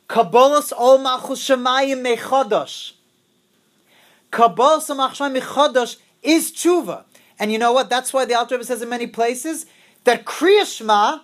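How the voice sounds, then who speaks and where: Woman teacher, fairly high voice, questioning students, repeats key lines. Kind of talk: interactive religious class.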